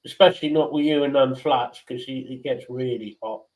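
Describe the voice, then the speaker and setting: A man's voice: mid-range voice, brisk, a little hiss or hum, rough recording. A man who hosts a casual stream chat and tells blunt, swearing stories. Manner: swearing, blunt, animated storyteller. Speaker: stream host.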